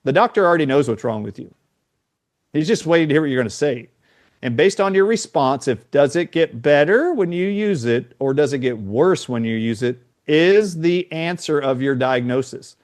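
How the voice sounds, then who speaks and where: Emphatic lecturing man, higher voice. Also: expressive, moderate pace, dry recording, studio quality. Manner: emphatic, lecturing, quizzes the hosts. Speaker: guest doctor. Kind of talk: podcast conversation.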